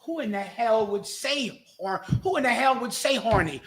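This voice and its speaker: A man hosting a live talk show, mocking and animated as he rants. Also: very high-pitched, normal speed, hardly any pauses. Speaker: host. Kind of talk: heated live radio commentary.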